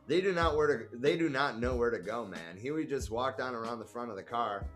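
A man's voice: medium pitch, brisk, a bit bright, soft background music. Casual man reading a memoir aloud. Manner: casual, profane, amused asides. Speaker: reader.

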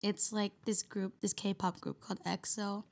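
A young woman co-hosting a podcast in a loose, rambling way, giggling between thoughts. Her mid-range voice carries a gravelly, creaky texture. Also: mid-range voice, level tone, measured pace, darkish tone. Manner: giggly, rambling, heavy use of "like". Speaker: podcast co-host. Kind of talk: casual chat.

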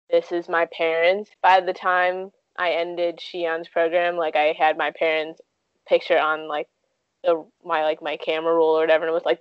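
A woman's voice: on the low side, dry recording, dull audio. A woman in her twenties telling stories casually in an interview, with lots of "like" and "um" fillers. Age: 20s. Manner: chatty, frequent "like" and "um" fillers. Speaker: guest.

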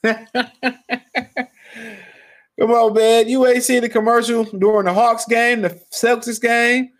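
Man, podcast host, high-ish voice, profane laughing rant, casual commentary. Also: level tone, slow pace.

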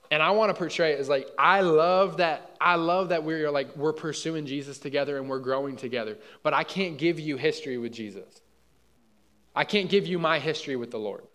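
Young guy preaching, kinda high voice, big echoey church hall, super casual, keeps asking if you get it. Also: a bit bright. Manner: casual, keeps checking in with the listeners. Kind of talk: conversational sermon. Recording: long hall reverb.

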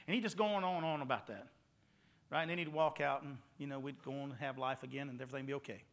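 Folksy high-voiced Southern preacher man. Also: fast talker, a bit bright. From North Carolina. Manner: folksy storytelling with call-and-response asides. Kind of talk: sermon.

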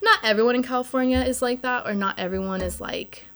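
A woman's voice: on the high side, quick pace, fairly bright tone. Chatty, blunt woman from New Jersey. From Northern New Jersey. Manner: chatty and blunt, many filler words, swears freely. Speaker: podcast guest. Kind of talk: casual chat.

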